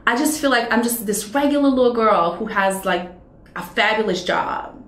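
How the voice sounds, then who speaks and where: A woman in her thirties, a radio personality, chatting as an interview guest and telling stories with lively acted-out dialogue. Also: a little high, normal speed. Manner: animated storyteller who acts out quoted dialogue. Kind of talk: casual interview conversation. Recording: roomy echo.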